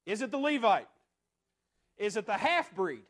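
A man preaching a sermon in a conversational way, asking the congregation rhetorical questions and often dropping to quiet asides. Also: high voice, very animated, unhurried.

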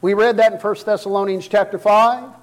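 High-voiced man preaching a sermon. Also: fairly even intonation, brisk, poor audio. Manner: asks rhetorical questions and reads scripture aloud.

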